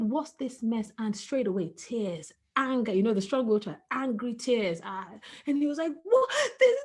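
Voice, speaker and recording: Woman guest speaker, 30s, lively webinar talk over video call, slightly higher voice, acts out voices. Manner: animated, acts out quoted voices.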